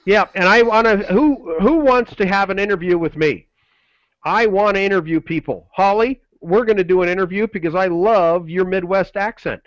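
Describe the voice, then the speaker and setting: A man co-hosting a webinar, delivering a pushy motivational sales pitch full of repeated slogans. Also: normal speed, fairly bright tone, no echo, lo-fi sound. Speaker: webinar co-host.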